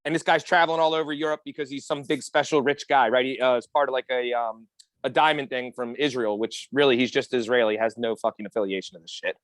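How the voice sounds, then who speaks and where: A man's voice: medium pitch, fast talker, no room sound. A man on a podcast telling a story in casual, profane chat, acting out the people he quotes. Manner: animated storyteller, acts out quotes. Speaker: podcast co-host.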